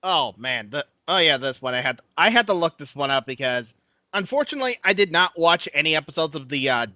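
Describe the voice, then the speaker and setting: Bright, chatty young man, dull recording. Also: a little high, animated, fairly quick, no echo. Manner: casual, chatty, swears. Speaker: interviewer, host. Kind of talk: casual interview questions.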